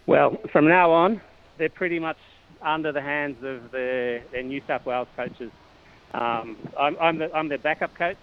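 A man's voice: on the high side, a little slow, muffled recording, a little hiss or hum. A middle-aged Australian man, a cycling coach guest, talking casually with lots of fillers and restarts. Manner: hesitant, many fillers and restarts, chuckles often. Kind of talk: casual interview chat.

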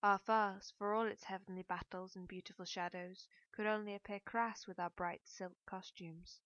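Woman, first-person audiobook narration, measured storytelling, muffled dry sound. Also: mid-range voice, fairly even intonation, a bit bright, no room sound. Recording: dull, dry audiobook recording.

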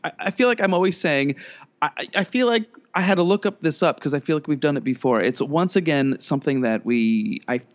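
A man co-hosting a podcast, talking in a chatty, self-deprecating way with quick bursts. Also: fairly high pitch, highs cut off. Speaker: podcast co-host. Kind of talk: casual chat.

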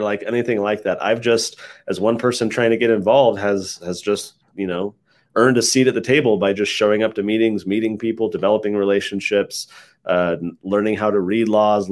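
A man guesting on an interview show, telling stories in a relaxed, casual way with lots of "like" fillers. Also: on the low side. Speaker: interview guest, think tank head. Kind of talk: casual conversational storytelling.

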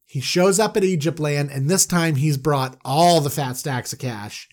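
A man hosting a podcast, retelling a story in fast, slangy, comedic casual talk and jumping into voices. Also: a little high. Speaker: podcast host.

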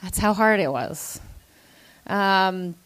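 A woman telling a comedic story at a live show, animated and laughing through her lines. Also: medium pitch, slow.

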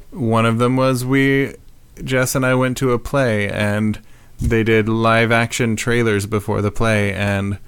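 A man co-hosting a podcast, chatting casually and telling animated, swear-laced stories about his dreams. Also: fairly low pitch, smooth, no echo. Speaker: podcast co-host. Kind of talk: casual chat.

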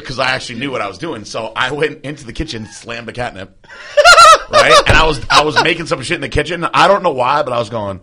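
A man's voice: mid-range voice, quick pace, very noisy. A man hosting a podcast, telling a rambling, profane story in casual chat and breaking into laughter. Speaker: podcast host.

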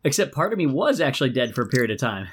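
Lively storytelling man on a podcast. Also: mid-range voice, rapid-fire, breathy edge. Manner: storytelling, laughing often. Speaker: podcast co-host. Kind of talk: casual chat.

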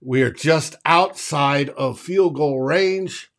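A man calling a football game live for his fan stream, unhurried and drawn out. His voice sits a little high for a man, and he breaks off the play calls to chat with viewers by name. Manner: slow, drawn-out calling that bursts into shouting on big plays; chatty, reads out and answers viewers by name.

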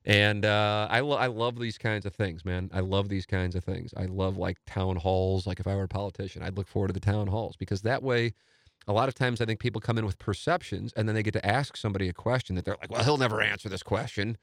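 A man with a St. hosts his own podcast, talking on his own in a loose, rambling way. He sounds eager and pokes fun at himself. His voice sits a little low, recorded close and dry with no room sound. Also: steady tone, quick pace, dry recording. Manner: rambling, enthusiastic, self-deprecating. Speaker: podcast host. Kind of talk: casual solo podcast talk.

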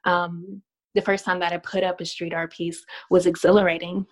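A woman's voice: on the low side, flat delivery, normal speed, low-quality recording. A woman street artist telling a personal story in an earnest, reflective way, with frequent ums.

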